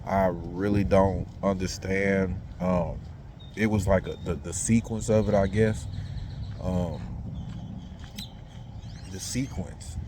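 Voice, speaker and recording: A man's voice: deep voice, noisy background. A man casually recounting a dream in a rambling, slang-heavy monologue full of fillers.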